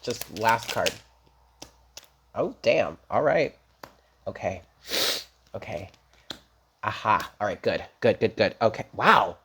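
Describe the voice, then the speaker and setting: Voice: medium pitch, lively intonation, slow, long pauses, background noise. A tarot reader giving a casual daily reading, talking straight to viewers in a chatty, emphatic and blunt way with casual swearing.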